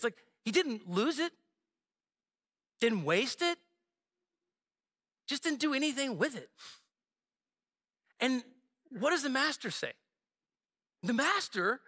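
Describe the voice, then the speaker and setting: Guy pastor preaching, really high bright voice, chatty and jokey with lots of side comments. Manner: conversational and joking, with frequent asides. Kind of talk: sermon. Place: church sanctuary.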